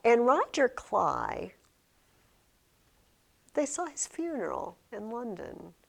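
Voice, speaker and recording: A woman teaching a high school literature class, asking questions and acting out lines from the book. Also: slow pace, vocal fry. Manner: animated, asks questions, acts out quotes.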